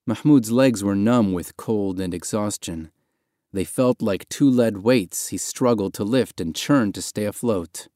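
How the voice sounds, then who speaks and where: A man's voice: fairly low pitch, no echo, studio quality. Somber man narrating an audiobook. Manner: quiet, measured, somber reading. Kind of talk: scripted narration.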